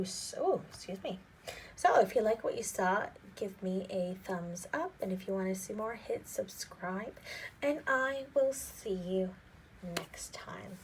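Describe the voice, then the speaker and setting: A young adult woman hosting an unboxing vlog, gushing and excitable, often dropping to a soft near-whisper. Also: medium pitch, a little hiss or hum. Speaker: planner vlogger.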